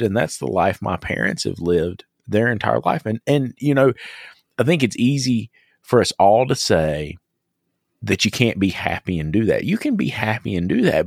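A man's voice: lowish voice, creaky, dry recording, clean studio sound. A man hosting a podcast, telling rambling stories in casual conversation and laughing often.

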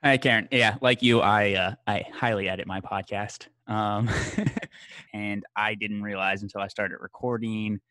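A man's voice: lowish voice, fairly even intonation, unhurried, sharp tone, no room sound. An American man, a history podcaster, chatting casually in a rambling, self-deprecating way with many fillers. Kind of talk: casual conversation.

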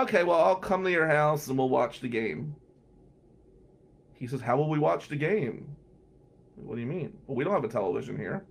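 A middle-aged man hosting a podcast, telling a story in a casual, animated way, acting out both sides of a conversation and swearing now and then. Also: medium pitch, vocal fry. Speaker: podcast host, defense attorney.

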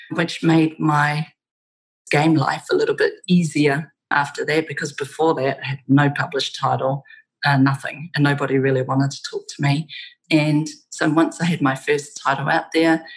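Low husky-voiced New Zealand woman. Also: poor audio. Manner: reflective, with soft laughs. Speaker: game studio founder, guest. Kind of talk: conversational interview storytelling.

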